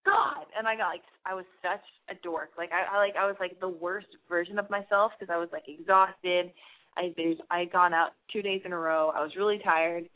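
A woman's voice: fairly low pitch, brisk. Chatty young woman podcast host. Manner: animated storyteller, chatty and candid. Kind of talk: podcast call-in chat. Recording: narrow phone-like sound.

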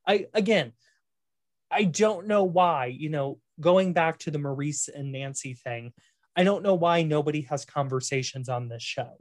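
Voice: medium pitch, unhurried, no echo. Dry-voiced opinionated podcast co-host. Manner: animated, opinionated, many fillers. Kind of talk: casual chat.

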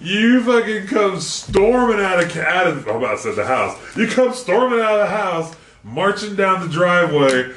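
A man's voice: high voice, sing-song, normal speed, fairly bright tone, distant mic. A man in a casual, profane chat, laughing as he tells a story. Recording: echoey room with faint noise.

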